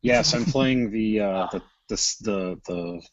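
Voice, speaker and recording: Slow, halting man on a podcast. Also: fairly low pitch. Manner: halting, with many "uh"s and restarts. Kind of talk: casual chat. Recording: dry, dull lo-fi audio.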